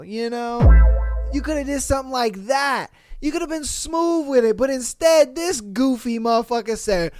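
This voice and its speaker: A man hosting a podcast, reading listener stories aloud and reacting with animated, slangy, profane rants. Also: very high voice, normal speed, dry recording, clean studio sound. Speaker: podcast host.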